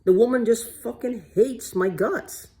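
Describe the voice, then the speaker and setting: A woman's voice: on the high side, a little slow, dark tone. A woman talking in a loose, rambling monologue, often repeating herself and restarting. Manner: repetitive, rambling, restarts a lot. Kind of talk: casual monologue to camera.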